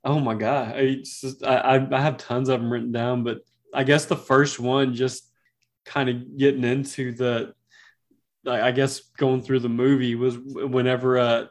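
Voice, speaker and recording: A man co-hosting a podcast, talking about a film in a relaxed, halting way with many fillers. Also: mid-range voice. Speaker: podcast co-host. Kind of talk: casual film discussion.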